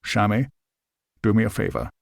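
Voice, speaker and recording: A man's voice: fairly low pitch, normal speed, gravelly, dry recording. Brusque older man in a storybook reading, performed by a male narrator, curt and dry-voiced. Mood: gruff. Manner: curt, clipped replies. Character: tall older balding man, brusque and firm. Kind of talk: audiobook character voice.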